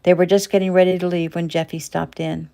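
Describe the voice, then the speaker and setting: A woman's voice: fairly low pitch, flat delivery, gravelly, mellow. A woman casually reading her own novel aloud as narrator. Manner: plain, unhurried reading.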